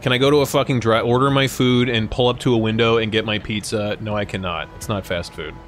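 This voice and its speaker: A man's voice: fairly low pitch, steady tone, fast, faint music behind. A young man chatting casually and profanely with his live-stream chat, rambling and joking. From United States.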